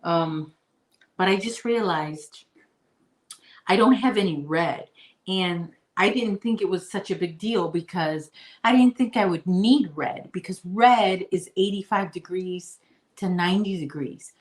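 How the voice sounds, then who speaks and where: A woman's voice: a little slow, echoey room, poor audio. A woman from the Chicago area chatting with her viewers while she crochets, rambling along in a casual way. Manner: chatty and rambling, talks to her puppy in a high baby voice. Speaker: crochet vlogger. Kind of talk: casual chat to live viewers.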